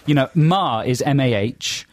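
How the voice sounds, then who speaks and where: A man co-hosting a radio show, chatting in quick, animated banter and laughing often. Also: mid-range voice. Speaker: radio co-host.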